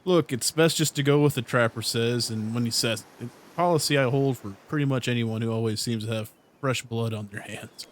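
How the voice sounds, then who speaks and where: A man's voice: mid-range voice, brisk, hardly any pauses, slight background noise. Playful man reading out a game. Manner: playful, laughs between lines. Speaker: let's play host. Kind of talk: reading game text aloud with jokes.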